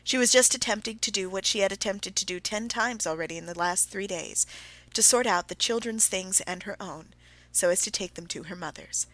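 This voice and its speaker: Bright-voiced woman audiobook narrator. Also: medium pitch, brisk. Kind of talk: classic novel narration.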